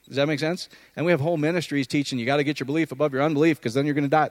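Preacher, male, conversational and animated, slightly high voice, dry sound. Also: rapid-fire, no echo. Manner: conversational, animated, often asks "does that make sense". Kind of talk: informal sermon.

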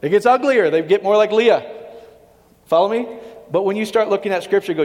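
A man's voice: sits high, big pitch swings, a little fast, a little mellow. Man preaching with lots of hall reverb. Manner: conversational, checks in with the audience. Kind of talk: sermon.

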